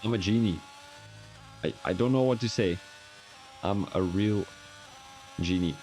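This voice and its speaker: A man's voice: lowish voice, a little slow, darkish tone, a little hiss or hum. A man with a Belgian accent giving rambling, joking, self-mocking commentary on a live-streamed sim racing league.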